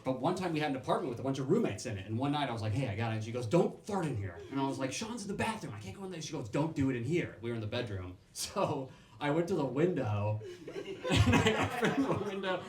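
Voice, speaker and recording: Young man, stand-up comic, lively pitch, swears, acts out voices, echoey club room, crowd laughing. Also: fast talker. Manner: animated, swearing, acting out quoted voices. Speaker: stand-up comedian. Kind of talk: stand-up comedy set. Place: comedy club stage before a laughing crowd.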